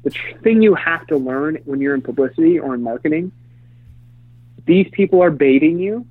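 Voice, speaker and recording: A man's voice: a little high, animated, normal speed, no room sound. Candid rambling man on a tinny line. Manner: rambling, candid, many fillers and restarts. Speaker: interview guest, former publicist. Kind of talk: casual storytelling interview. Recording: dry, phone-like lo-fi sound.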